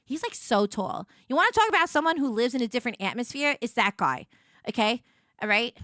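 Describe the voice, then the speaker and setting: A woman's voice: a little fast, no echo, clean studio sound. A young adult woman streamer telling a story in rambling casual chat, full of restarts and fillers. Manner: chatty, rambling, many restarts and "like"s; animated, jumps into high voices for quotes.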